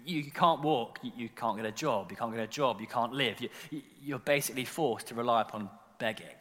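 A man preaching a sermon, telling the story in an animated way with lots of fillers and repeated words. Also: medium pitch, fairly quick, in a large hall. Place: church.

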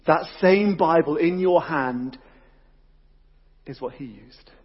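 A man giving an energetic, exclamatory sermon to a young audience, using casual slang. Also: on the high side, slow pace, husky, in a large hall, lo-fi sound. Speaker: youth preacher.

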